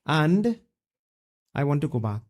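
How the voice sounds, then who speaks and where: A man's voice: a little high, big pitch swings, a little slow. A Trinidadian man voicing the soul of a dead man, pleading and bewildered in a religious story.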